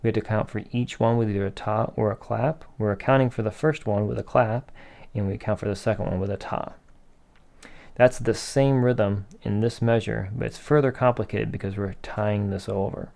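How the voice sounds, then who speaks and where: A man's voice: lowish voice, fairly even intonation, normal speed, creaky, darkish tone. A man teaching a rhythm lesson in a patient, methodical way, asking questions and then answering them himself. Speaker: music teacher.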